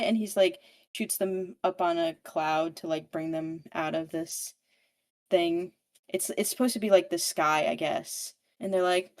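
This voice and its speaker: A woman's voice: fairly low pitch, fairly even intonation, a little slow, darkish tone. A woman podcast co-host recapping a book in casual chat, rambling and full of filler "like"s. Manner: rambling, filler-heavy with frequent "like".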